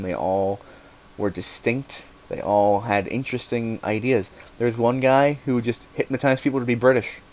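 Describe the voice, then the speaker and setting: A man's voice: on the low side, gravelly. A young man hosting a podcast segment, talking casually and rambling, often correcting himself and swearing now and then. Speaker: podcast host.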